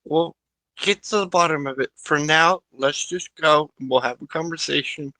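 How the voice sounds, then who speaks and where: A man's voice: fairly high pitch, normal speed, sharp tone, no echo, poor audio. A man playing his character in a tabletop game, reassuring and tacking "okay?" onto his lines. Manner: reassuring, keeps asking "okay?". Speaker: player.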